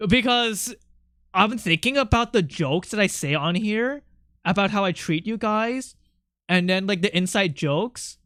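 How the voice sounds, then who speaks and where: A streamer talks casually while drawing, rambling, cutting in on themself and swearing freely. The voice is bright and clear, and it sits close to a desk mic in a dry space. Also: mid-range voice, expressive, normal speed, no echo. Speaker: streamer and artist.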